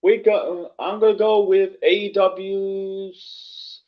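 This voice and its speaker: A man talks casually on his own wrestling show, halting often and restarting his sentences. His voice sits high for a man. It comes from a bit back in an echoey room, on dull, lo-fi audio. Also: level tone, distant mic. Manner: halting, many fillers and restarts. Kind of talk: casual solo commentary.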